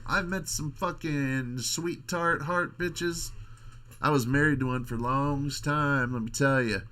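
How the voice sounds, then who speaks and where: A middle-aged man hosting a podcast, rambling in a crude, halting casual monologue. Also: a little high, steady tone, sharp tone. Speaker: podcast host.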